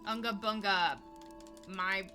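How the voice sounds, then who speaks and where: A woman's voice: medium pitch, steady tone, pushed and bright, faint music behind. A woman mocking a jealous, controlling young man. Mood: indignant mockery. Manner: slow, indignant, crude mocking parody.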